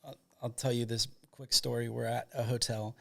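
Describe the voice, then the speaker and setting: A man from Michigan with a gravelly, fry-edged voice at an ordinary middle pitch. He is a filmmaker guest on a podcast. He talks casually, wanders through his story and stacks up fillers as he goes. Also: flat delivery, normal speed, sharp tone. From Michigan, United States. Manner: rambling, filler-heavy anecdote telling.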